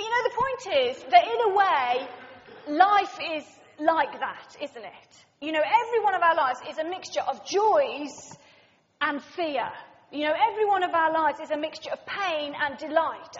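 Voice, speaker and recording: A woman gives a sermon and tells her story with lively, animated delivery, playing out the voices of the people she quotes. Her voice sits high, and it carries a long reverb in a big hall, heard through slightly muffled sound. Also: normal speed. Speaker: preacher. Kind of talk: sermon with personal anecdote.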